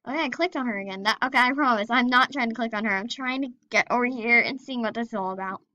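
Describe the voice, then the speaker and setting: A young woman chatting excitedly and giggling as she comments on her gameplay. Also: fairly high pitch, fast, no room sound, lo-fi sound. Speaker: gaming video host.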